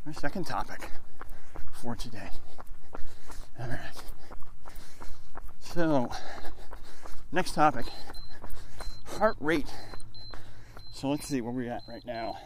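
A man's voice: medium pitch, animated, slow, long pauses, a little hiss or hum, rough recording. A man in his fifties hosting a running podcast, rambling casually with jokes and asides while his heart rate is up from exercise. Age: 50s. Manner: rambling, joking, conversational asides. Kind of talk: casual monologue.

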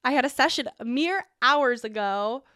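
A young woman co-hosting a casual podcast, her voice sitting a little high. She tells animated stories full of fillers and quoted back-and-forth, recorded close and dry with no room sound. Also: a little slow, clean tone, no echo. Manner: animated storytelling, many fillers and quoted dialogue. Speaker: podcast co-host. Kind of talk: casual chat.

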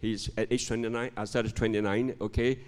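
A man's voice: on the low side, fairly quick. An older man preaching a sermon in a church, reading scripture and telling a joke while calling for amens. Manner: calls for amens, animated storytelling. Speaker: guest preacher. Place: church sanctuary. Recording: long hall reverb.

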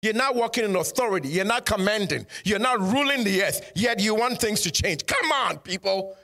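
Man, pastor, sermon, fairly high voice, animated, acts out dialogue, loud emphatic exhortation. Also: moderate pace. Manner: lively preaching that acts out dialogue in changing voices.

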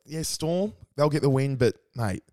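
An Australian man co-hosting a sports podcast, casual chat full of crude, excitable banter. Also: medium pitch, unhurried. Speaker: podcast co-host.

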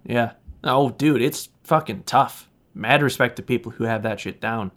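A man's voice: mid-range voice, moderate pace, a bit bright. A man with a Midwestern American accent, co-hosting a podcast in casual chat, loose and rambling and swearing freely. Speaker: podcast co-host.

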